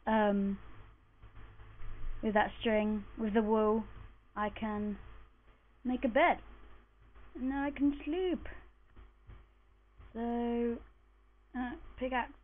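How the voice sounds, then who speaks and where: A woman's voice: fairly high pitch, fairly even intonation, takes it slowly, pauses often. A woman giving casual let's-play commentary, chatty and sleepy, muttering and swearing to herself as she plays. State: groggy, just woken up. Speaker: gamer commentating her play. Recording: tinny lo-fi mic.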